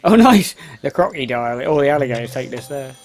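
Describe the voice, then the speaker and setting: A man's voice: mid-range voice, big pitch swings, fast talker, darkish tone, soft background music. A man giving rambling, casual let's-play commentary, exclaiming at the game and muttering asides. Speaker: gameplay commentator.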